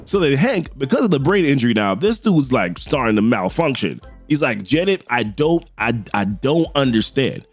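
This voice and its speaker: A man's voice: mid-range voice, normal speed, hardly any pauses, soft background music. A man casually retelling a comic book story, reading characters' quotes with his own asides. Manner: animated retelling, reads quotes with little asides. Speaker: comic book recap narrator.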